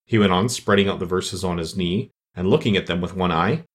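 A man's voice: sits low, fast talker, hardly any pauses. A man narrating a children's storybook as an audiobook, reading expressively.

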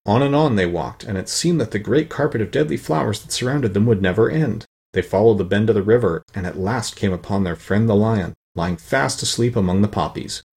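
A man reading a storybook aloud as narrator, steady and plain, with the odd small slip. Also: fairly low pitch, brisk, vocal fry, few pauses, breathy edge. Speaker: audiobook narrator.

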